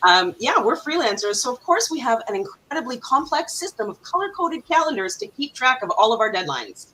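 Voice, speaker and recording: Lively, bright-voiced woman on a call. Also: fairly high pitch, a little fast, slight background noise, low-quality recording. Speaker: guest. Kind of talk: casual chat. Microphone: video call.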